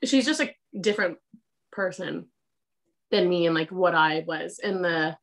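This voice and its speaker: A woman's voice: lowish voice, unhurried. Laid-back young woman podcast guest. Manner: laid-back, laughing, filler-heavy. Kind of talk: casual chat.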